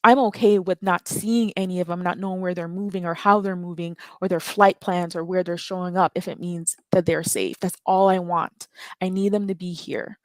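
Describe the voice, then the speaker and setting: A woman's voice: lowish voice, steady tone, moderate pace, dry recording. Earnest, emotional woman caller, dry sound. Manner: earnest and emotional, repeats words when stirred. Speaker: caller in a live audio chat. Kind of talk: impassioned call-in talk.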